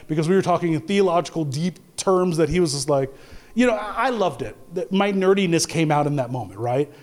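A man's voice: on the high side, fast talker, darkish tone. A man preaching a sermon in church, telling a funny personal story and building to emphatic preaching, acting out the lines he quotes. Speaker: pastor. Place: church with congregation.

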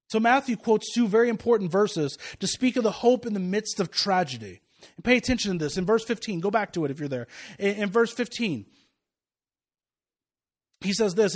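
A Midwestern pastor in his thirties delivers a sermon in a noticeably high voice. He preaches with fervor, pushing hard on declarations and then dropping to near a hush. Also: expressive, moderate pace. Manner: impassioned preaching, swings from loud to hushed. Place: church sanctuary.

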